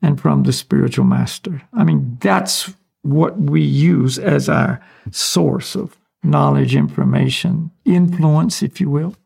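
A man from the United States, a spiritual teacher, explaining ideas in a relaxed, casual conversational way with small chuckles. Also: fairly high pitch, slow pace, creaky, breathy edge.

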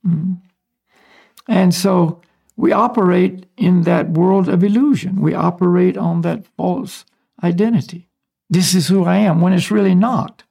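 High gravelly man explaining calmly. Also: unhurried. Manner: relaxed, explanatory, chuckles between points. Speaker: spiritual teacher. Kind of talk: casual conversational teaching.

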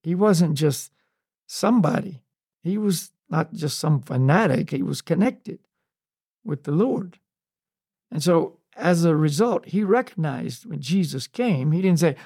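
Slow, gravelly-voiced man talking faith. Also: fairly high pitch, animated, a little mellow, dry recording, clean studio sound. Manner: slow, searching, many "you know" and restarts. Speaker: podcast co-host on spiritual topics. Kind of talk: unscripted spiritual discussion.

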